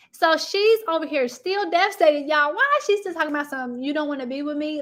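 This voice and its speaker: A woman hosting a casual reality-TV gossip chat, animated and chatty, talking straight to her viewers. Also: high-pitched, fast, few pauses. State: sniffling from allergies. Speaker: YouTube commentary host.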